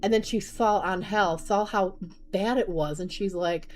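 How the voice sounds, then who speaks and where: A young woman, a mother of small kids, telling a casual storytime vlog in a chatty, animated way and laughing often. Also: mid-range voice, measured pace.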